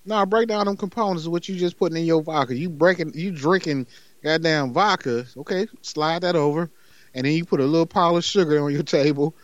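A man's voice: on the high side, fairly quick, no room sound, highs cut off. A man co-hosting a podcast, chatting casually and teasing, stretching out long words syllable by syllable. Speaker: podcast co-host. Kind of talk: casual comedic chat.

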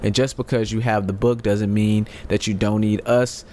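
A man's voice: fairly low pitch, flat delivery, moderate pace, a little mellow. A man co-hosting a podcast, explaining things plainly and teasing his partner. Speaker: podcast co-host. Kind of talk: casual chat.

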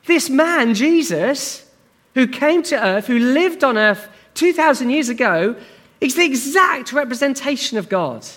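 Animated high-voiced male preacher. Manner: animated, conversational, asks the congregation questions. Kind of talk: sermon.

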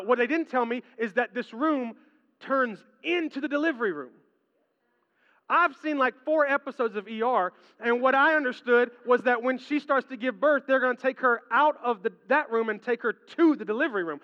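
A male pastor preaching a sermon in a large hall, telling stories animatedly and swinging from hushed tones to excited ones. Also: extremely high pitch. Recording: reverberant hall, dull lo-fi sound.

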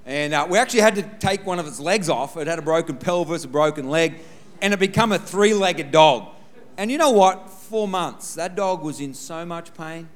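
Male preacher, slightly high voice, chatty storytelling sermon with humor. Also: lively intonation, normal speed. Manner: conversational, tells a personal story with humor, often says "listen". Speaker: pastor.

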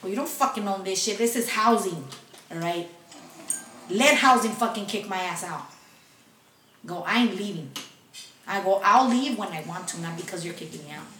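A woman's voice: medium pitch, lively intonation, normal speed, long pauses, sharp tone, recorded from a distance. A young woman telling a personal story to friends, swearing often and slipping between English and Spanish. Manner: profane, mixes English and Spanish. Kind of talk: casual storytelling among friends. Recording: echoey room, off-mic, faint noise.

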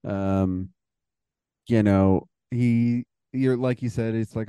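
Male podcast co-host, rambling comedic riffing, warm and smooth, dry close sound. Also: fairly low pitch, fairly even intonation, takes it slowly, no echo. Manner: laughs often, rambling and loose. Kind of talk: casual comedic brainstorming.

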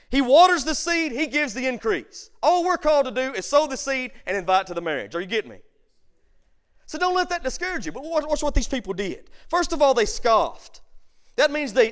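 High-pitched pastor guy preaching in church, goes quiet then loud, repeats stuff for punch. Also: clear, resonant tone. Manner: preaching with dramatic swings from hushed to loud; repeats words for emphasis. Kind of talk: sermon.

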